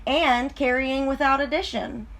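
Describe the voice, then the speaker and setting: A woman voicing a firm, brisk schoolteacher in a storybook reading. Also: sits high, fairly even intonation, a bit bright, voice pushed up.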